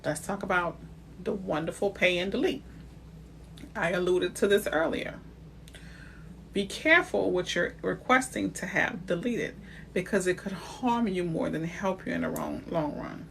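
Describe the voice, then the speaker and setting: A woman's voice: on the low side, a little slow, vocal fry, a little hiss or hum. A woman realtor talking live to viewers about credit in a chatty, direct way, greeting them by name as she goes. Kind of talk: live-stream talk on building credit.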